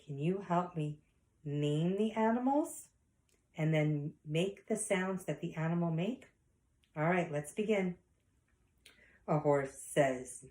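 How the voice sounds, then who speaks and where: Woman, teacher, lesson for young children, slow, lively pitch, roomy echo. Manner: animated, sing-song, acts out animal sounds. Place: home.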